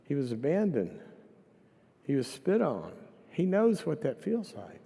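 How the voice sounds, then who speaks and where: A man's voice: fairly high pitch, huge pitch swings, unhurried, vocal fry, mellow, husky. A man preaching a sermon in a conversational, storytelling way, acting out the voices of people in his stories. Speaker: guest speaker. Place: large church hall. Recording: long hall reverb.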